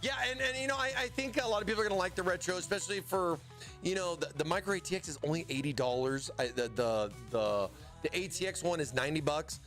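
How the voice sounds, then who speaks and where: A man's voice: a little high, fast talker, fairly bright tone, soft background music. A man hosting a casual product livestream, rambling and often stammering and repeating words. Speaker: livestream host.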